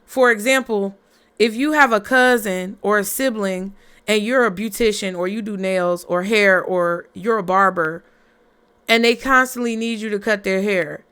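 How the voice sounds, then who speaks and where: A woman's voice: medium pitch, normal speed, fairly bright tone, smooth. A woman giving a casual tarot reading in a blunt, profane, fired-up motivational way. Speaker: tarot reader.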